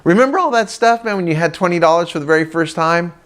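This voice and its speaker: Lively storytelling man, higher voice. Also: fast. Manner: lively storyteller who breaks into sing-song voices for his characters. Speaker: comedic motivational speaker. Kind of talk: stand-up storytelling to a live audience.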